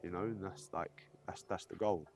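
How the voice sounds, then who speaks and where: A man's voice: low-pitched, steady tone, moderate pace, noisy background. A young man, a fighter guesting on a podcast, talking casually and often asking "do you know what I mean". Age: young adult. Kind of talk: casual interview chat.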